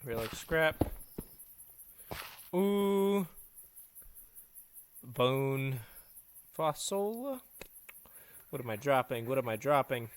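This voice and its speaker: A man's voice: medium pitch, big pitch swings, very slow, long pauses, clear, resonant tone. A man hosting a gaming video, chatting to himself and his viewers as he plays. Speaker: gaming channel host. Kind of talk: let's play commentary.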